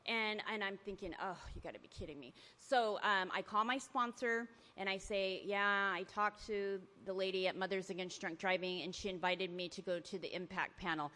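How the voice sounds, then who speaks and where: A woman's voice: mid-range voice, little pitch movement, moderate pace, hardly any pauses, bright, forceful tone. A woman telling her recovery story to a meeting in an earnest way, acting out the voices of the people in it. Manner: earnest storytelling that acts out remembered talk. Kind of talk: personal testimony to a recovery meeting. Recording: long hall reverb.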